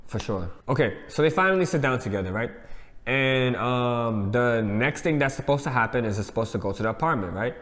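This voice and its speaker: Man in a roomy echo, animated slang. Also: medium pitch, brisk. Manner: animated, acts out quotes with slang. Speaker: co-host. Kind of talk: casual reality TV review chat.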